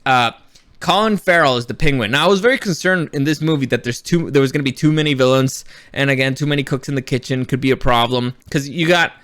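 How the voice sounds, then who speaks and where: A man talking through a movie review in a loose, off-the-cuff way, restarting his sentences and swearing now and then. His voice sits at an ordinary middle pitch. The sound is close and dry, with no room around it. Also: a bit bright, clear, resonant tone, dry recording. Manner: rambling, many restarts, blunt and profane. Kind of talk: casual spoken film review.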